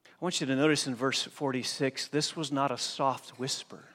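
A male pastor preaching a sermon, dropping to a hush and then rising to loud, forceful emphasis. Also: medium pitch, steady tone, normal speed. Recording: long hall reverb.

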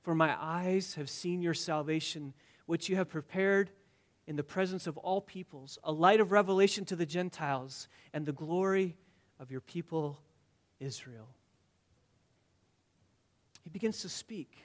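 A male preacher with a fairly high voice delivers a sermon. He sinks to hushed, almost whispered lines, then rises to loud, emphatic declarations. He drives his points home by repeating phrases. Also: unhurried. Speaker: pastor.

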